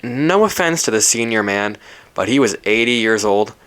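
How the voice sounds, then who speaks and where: A young man hosts his own podcast alone, talking through his story in a loose, rambling way. His voice sits on the low side, and he swears freely, restarts his sentences and fills the gaps with "like". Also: lively intonation, moderate pace, fairly bright tone, smooth. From Canada, British Columbia. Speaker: podcast host. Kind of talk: casual solo podcast storytelling.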